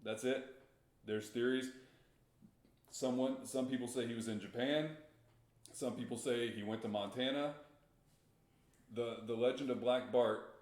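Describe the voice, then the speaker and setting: A man's voice: medium pitch, steady tone, a little slow, long pauses, a little mellow, reverberant. A man co-hosting a podcast, casually retelling a story with rambling restarts and chuckles. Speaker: podcast co-host.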